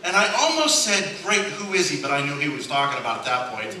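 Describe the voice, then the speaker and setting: Very animated and fast, a man with a slightly high, sharp voice preaches a sermon packed with funny stories. He does the voices of quoted characters and laughs at his own jokes. The audio comes from afar in an echoey church sanctuary and includes noise.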